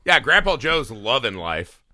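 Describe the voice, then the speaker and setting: A man in his thirties co-hosting a film podcast, profane and animated, often mocking in high voices. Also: unhurried, crowd noise. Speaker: podcast co-host. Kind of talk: casual film podcast chat.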